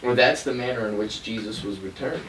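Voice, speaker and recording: A man casually telling a story as a guest, animated and conversational. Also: lowish voice, quick pace. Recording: roomy, distant, noisy room recording.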